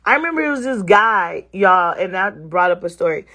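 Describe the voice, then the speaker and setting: A woman's voice: mid-range voice, sing-song, normal speed, pushed and bright. A woman vlogger chatting casually and expressively straight to her viewers. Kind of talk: casual vlog chat to viewers.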